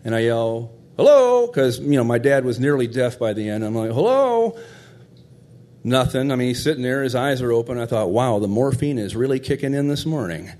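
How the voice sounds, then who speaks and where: A man's voice: mid-range voice, fairly even intonation, quick pace, few pauses, darkish tone. Middle-aged guy telling a personal story, tender and chatty, ordinary mid-range voice. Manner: heartfelt, conversational, tender.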